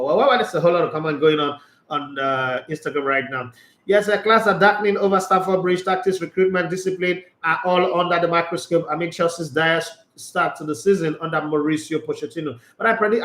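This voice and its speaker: A Nigerian man hosting a football talk show, excitable and joking, with preachy asides and bits of Pidgin. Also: high-pitched, roomy sound, rough recording. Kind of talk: animated solo football commentary.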